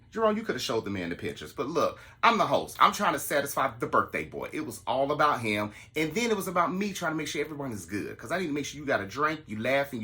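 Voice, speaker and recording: A man, telling a story to his listeners in a casual, animated way and acting out the quotes. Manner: animated, acts out the quotes in a higher voice. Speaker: podcast host telling a story.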